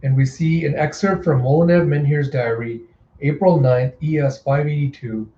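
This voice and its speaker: A man's voice: a little high, steady tone, normal speed, slight background noise. A man reading a manga aloud in a casual readthrough, narrating the panels with a few slips. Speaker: reader. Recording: echoey room, dull lo-fi sound.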